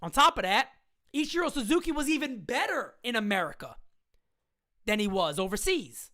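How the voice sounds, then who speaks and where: A woman hosting a live-stream sports chat, talking in a hyped, slangy way as she shouts out viewers. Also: fairly high pitch, very animated, normal speed.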